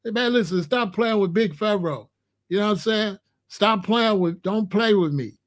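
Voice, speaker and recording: A man's voice: high voice, normal speed. A man giving opinionated commentary in a vlog, talking emphatically, repeating himself and using slang. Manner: emphatic, repetitive, slangy, preachy. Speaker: rap commentator.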